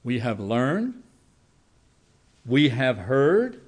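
Very animated, a mid-range-voiced preacher recounts a homespun story with folksy charm. He shifts between rapid, loud lines and slow, quiet ones.

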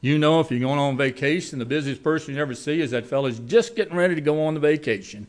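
A man preaching a sermon, telling a homespun story in a folksy way and moving from loud, quick lines to slow, quiet ones. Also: fairly high pitch.

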